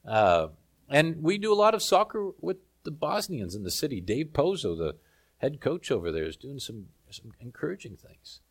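A man from South Africa preaching a sermon, telling a lively story with humor. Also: medium pitch, normal speed, breathy edge.

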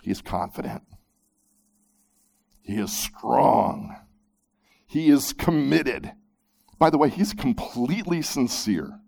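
A man preaching a sermon, reading scripture aloud and commenting on it, moving between loud emphatic peaks and hushed low phrases. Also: expressive, slow, gravelly, pauses often. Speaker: pastor.

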